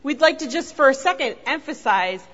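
A woman's voice: high voice, animated, brisk, a bit bright. A woman speaking at a marriage conference with a chatty, lightly laughing manner. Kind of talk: conference talk. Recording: dull sound with long hall reverb.

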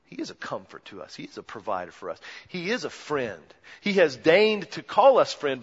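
A man preaching a sermon, swinging from hushed near-whispers to loud impassioned cries, recorded in a church. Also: a little high, wildly swooping pitch, normal speed, hardly any pauses, breathy edge. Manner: dramatic swings from hushed to shouting. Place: church sanctuary. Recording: muffled church recording with long reverb.

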